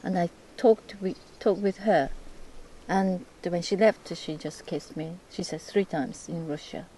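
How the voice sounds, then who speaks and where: Slow, mellow-voiced woman searching for words. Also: fairly low pitch, slight background noise, low-quality recording. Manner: hesitant non-native English, searching for words. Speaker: host, English learner. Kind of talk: casual chat.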